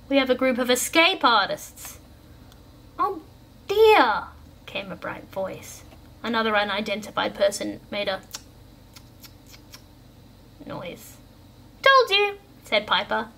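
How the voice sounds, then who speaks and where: A woman storyteller reading a bedtime story aloud in a calm, gentle way. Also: medium pitch, creaky, slight background noise.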